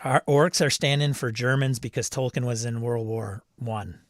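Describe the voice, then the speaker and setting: A man's voice: mid-range voice, fairly even intonation, normal speed, no room sound, clean studio sound. A man hosting a live stream, chatting casually, reading viewer comments aloud and laughing often. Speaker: livestream host reading chat. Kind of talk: casual chat.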